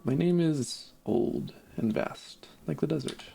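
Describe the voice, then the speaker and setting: A man reading the lines of a gentle, cooing, motherly female creature queen in a game. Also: fairly high pitch, expressive, slow, creaky, slight background noise, full character voice.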